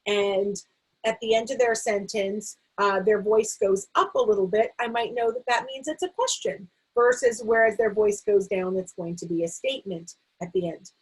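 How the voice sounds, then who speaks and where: A woman's voice: mid-range voice, moderate pace, husky, rough recording. A middle-aged American woman, a literacy educator, explaining a teaching framework in an explanatory way with frequent fillers and restarts.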